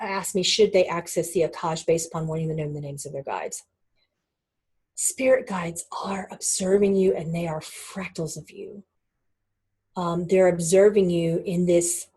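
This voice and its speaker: A woman talking casually as a spiritual teacher, lively and laughing often, acting out little voices in her stories. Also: lowish voice, breathy edge.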